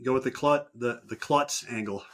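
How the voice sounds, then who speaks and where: A male podcast host chats with his guest at an easy pace. He tells anecdotes in a relaxed, conversational way. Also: mid-range voice, moderate pace. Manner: relaxed storyteller, chatty. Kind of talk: casual interview chat.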